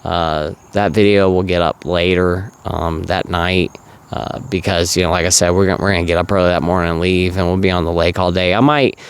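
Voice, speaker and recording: A man's voice: low voice, fairly even intonation, fairly quick, smooth. A man in his thirties from South Carolina, talking casually and earnestly to his viewers, with lots of uhs and you-knows. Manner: rambling, earnest, filler-heavy. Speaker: recovery vlogger. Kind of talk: casual monologue to camera.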